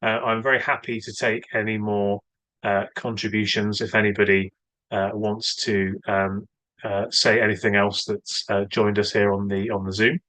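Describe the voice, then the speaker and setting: Male host of an online roundtable, bright and forceful tone, dry close sound, halting delivery full of fillers. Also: fairly low pitch, level tone, no echo, poor audio. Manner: hesitant, many filler sounds. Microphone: video call.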